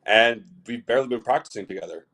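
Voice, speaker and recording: A man's voice: medium pitch, fast, fairly bright tone. A man calling into a casual show, laying out his points in a matter-of-fact, laid-back way. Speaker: caller. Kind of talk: casual call-in chat.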